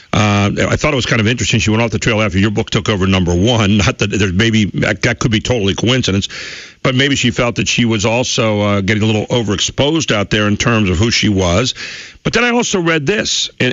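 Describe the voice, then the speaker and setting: Male radio host, mid pitch, halting with fillers, reading quotes, dull dry sound. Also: a bit bright, dry recording. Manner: reads press quotes aloud, halting with many fillers. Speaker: radio talk show host. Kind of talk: radio interview.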